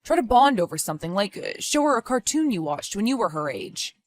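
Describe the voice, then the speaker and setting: A woman voicing a careless father who breezily brushes off his girlfriend's worries in an animated story. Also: medium pitch, fairly quick, close to an everyday voice. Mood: reassuring. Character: dismissive careless father, a grown man. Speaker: boyfriend and father.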